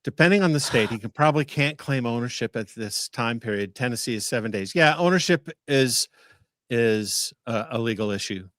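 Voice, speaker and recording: A man co-hosting a livestream, speaking in a measured, halting way and filling pauses with "um". His voice sits at a middling pitch. The sound is dry and close, with no room echo. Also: lively intonation, fairly bright tone. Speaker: livestream co-host. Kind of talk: casual chat.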